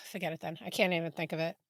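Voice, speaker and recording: A woman hosting a podcast, chatting casually in a playful, excitable way. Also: fairly low pitch, rapid-fire. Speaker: podcast host.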